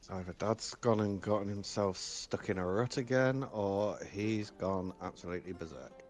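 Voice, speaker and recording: A man playing his character in a tabletop game, slow and hesitant. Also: fairly low pitch, a little mellow. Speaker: player. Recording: dull lo-fi audio, faint music.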